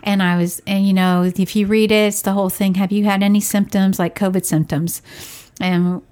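A woman's voice: mid-range voice, little pitch movement, moderate pace, darkish tone. A woman co-hosting a podcast, chatting casually and rambling through a family travel story. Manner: chatty, rambling, laughs while telling stories. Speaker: podcast co-host and parent.

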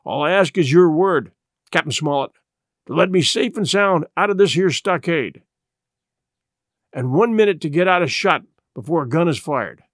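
A man's voice: on the high side, animated, normal speed, no room sound, clean studio sound. A man voicing a cheery, wheedling one-legged pirate leader. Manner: hearty, ingratiating.

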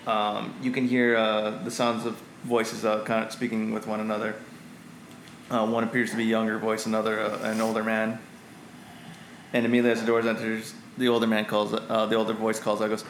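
A man narrating as game master of a tabletop game, often pausing and correcting himself. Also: on the low side, monotone, a little hiss or hum. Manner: halting, lots of fillers and self-corrections. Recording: echoey room, faint music.

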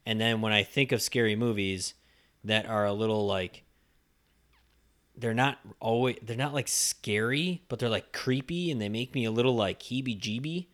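A man chatting on a podcast with a low-set voice and a bright, forceful edge. He rambles, piling on "like" and restarting his thoughts as he talks. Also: normal speed. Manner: rambling, filler-heavy. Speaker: podcast co-host. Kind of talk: casual podcast chat.

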